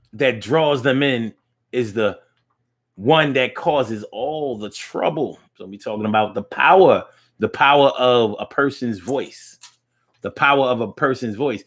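A man's voice: medium pitch, a bit bright. A man hosting a casual live-stream talk show, chatting loosely with slang and lots of restarts, reading viewer comments aloud.

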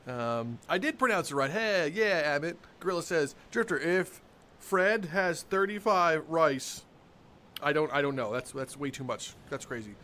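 A man's voice: fairly high pitch, a little slow, bright, forceful tone. A young man live-streaming a game from home, cheerfully greeting his chat by name and laughing often. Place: home room with dogs nearby.

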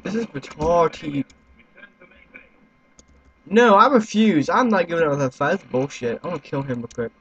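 Young man, gaming commentary, swears and shouts, lively pitch, a bit muffled, faint hiss. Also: brisk, hardly any pauses. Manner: excitable, swears a lot, yells at other players. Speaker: gaming YouTuber. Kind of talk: let's-play commentary. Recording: slightly muffled with faint noise.

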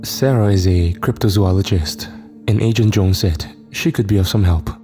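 A man narrating a first-person horror story in a steady, measured way. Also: low-pitched, music in the background.

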